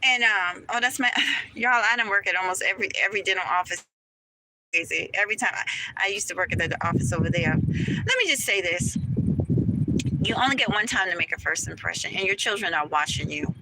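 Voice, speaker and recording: A woman's voice: mid-range voice, lively intonation, fairly quick, heavy background noise. Ranting woman dental hygienist in a car. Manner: emphatic, preachy, addresses viewers directly. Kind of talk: casual vlog rant.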